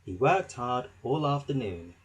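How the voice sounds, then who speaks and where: Slow, expressive male storyteller. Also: medium pitch, low-quality recording. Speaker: narrator. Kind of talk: children's story narration.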